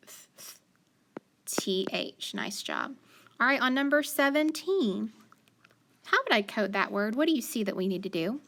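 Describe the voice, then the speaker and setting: A woman's voice: mid-range voice, fairly bright tone. A woman teacher giving a phonics lesson to young learners, sounding out letters and praising often. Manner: patient, sounds out letters slowly, frequent praise.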